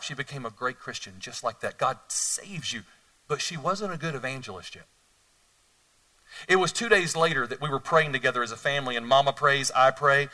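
A middle-aged man preaching a sermon as a pastor, telling stories animatedly and swinging between hushed and loud delivery. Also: medium pitch, recorded from a distance.

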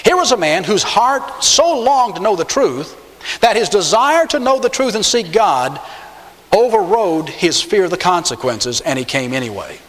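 A man preaching a sermon, stressing key words by jumping up in pitch and slowing down. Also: sing-song, fairly bright tone. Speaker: pastor. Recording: long hall reverb.

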